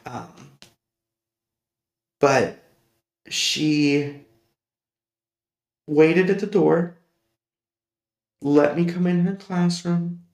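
A man's voice: sits high, gravelly, darkish tone. A man hosting a personal storytelling podcast, rambling and correcting himself as he goes, laughing often. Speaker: podcast host. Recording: roomy echoey recording.

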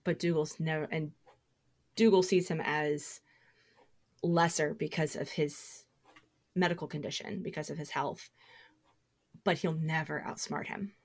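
Female co-host with a somewhat low voice; emphatic and playful, casual talk. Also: steady tone. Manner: emphatic, playful, quick to laugh. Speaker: podcast co-host. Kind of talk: casual fan discussion.

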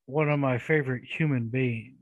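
A man's voice: mid-range voice, steady tone, moderate pace, no echo, narrow, tinny audio. A man co-hosting a casual movie podcast, telling anecdotes in an easygoing way. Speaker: podcast co-host. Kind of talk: casual chat about movies.

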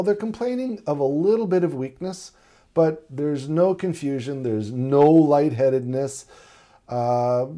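A middle-aged man lectures as a paramedic in a loose, conversational way. His voice is warm and mellow, and he slips into little acted exchanges between himself and patients to make his points. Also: fairly high pitch. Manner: conversational, acts out patient dialogues. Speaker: paramedic instructor. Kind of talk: casual spoken lecture.

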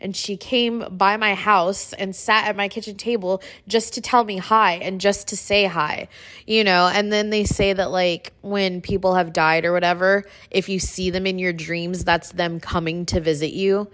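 Woman, thirties, podcast host, casual storytelling, chatty, lots of "like", mid pitch. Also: steady tone, normal speed, fairly bright tone. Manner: chatty, says "like" a lot, emotional retelling.

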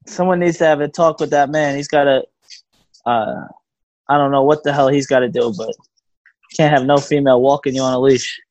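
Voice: mid-range voice, fairly even intonation, a little fast, darkish tone, dry recording, low-quality recording. A co-host of a casual radio show, laughing along and agreeing in short replies.

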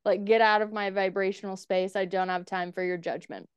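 Female podcast guest, candid storyteller who swears a lot, smooth clear voice on a dry close mic. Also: mid-range voice, steady tone, brisk, no room sound. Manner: candid, swears freely, quotes herself and others in dialogue. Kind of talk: casual storytelling interview.

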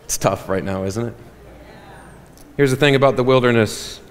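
A man preaches a sermon to his congregation, animated and quick to joke. His voice sits at an ordinary pitch for a man. A long reverb trails each phrase around the church hall. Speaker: pastor.

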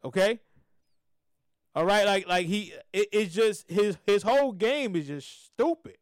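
A man co-hosting a casual sports podcast, animated and repeating himself as he trash-talks teams. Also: sits high, unhurried, clean tone, no room sound, clean studio sound. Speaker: podcast co-host.

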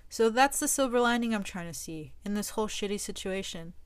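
A young woman speaks a candid monologue to her camera, slangy and blunt, leaning on swear words for emphasis. Her voice sits at a middle pitch. The sound is close and dry, with no room around it. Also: lively intonation, fairly quick, clean tone, no room sound. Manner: emphatic, casual slangy talk, swears a lot. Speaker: vlogger.

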